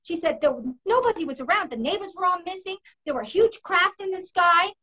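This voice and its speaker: Bright, high-voiced woman telling a story. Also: animated, a little fast. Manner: vivid, emphatic retelling. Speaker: host. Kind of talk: casual storytelling in a conversation. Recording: dull lo-fi recording.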